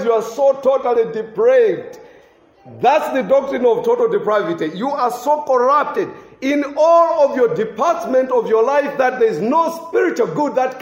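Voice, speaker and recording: A man's voice: extremely high pitch, roomy sound. A man preaching a sermon with emphasis, repeating key phrases for weight.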